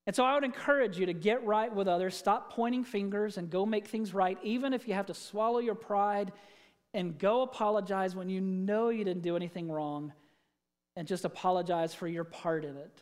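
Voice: mid-range voice, steady tone, moderate pace, long reverb tail. A pastor preaching a sermon in a conversational way, asking the congregation questions and telling stories.

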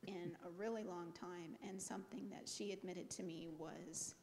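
A middle-aged woman giving a personal testimony to a congregation with lively, expressive storytelling. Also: lowish voice, normal speed, a little hiss or hum. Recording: long reverb of a large hall.

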